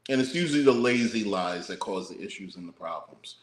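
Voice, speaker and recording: A man's voice: on the low side, animated, a little fast, echoey room. A man co-hosting a podcast, musing in a laid-back, profane way. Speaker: podcast co-host. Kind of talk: casual podcast chat.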